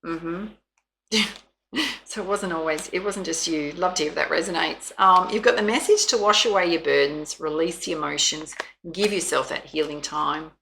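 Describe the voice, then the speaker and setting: A woman's voice: low-pitched, moderate pace, gravelly, bright, forceful tone, a little hiss or hum. An Australian woman giving a chatty, soothing tarot reading, with frequent laughs. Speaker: tarot reader.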